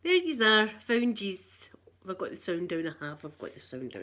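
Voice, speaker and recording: A woman's voice: medium pitch, wildly swooping pitch, moderate pace, a bit bright, slight background noise. Middle-aged Scottish woman, easygoing host chatting to her viewers, mid-range voice, laughs a lot. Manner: chatty, laughs often, repeats herself. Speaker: channel host. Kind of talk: casual live-stream chat.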